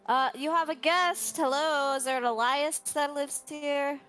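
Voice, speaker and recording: A woman's voice: medium pitch, unhurried, natural voice. A woman voicing a courteous male adventurer with a wry, polite manner.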